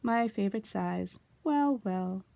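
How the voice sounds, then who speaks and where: A woman voicing a gloomy, mournful old male donkey who talks slowly in a drawn-out, glum way, in a storybook reading. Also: mid-range voice, animated, creaky, mellow, no echo.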